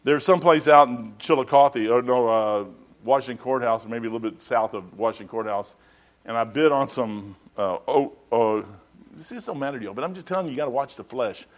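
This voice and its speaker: A man's voice: mid-range voice, brisk. A middle-aged man, preaching a sermon as a pastor in a folksy, rambling storytelling way.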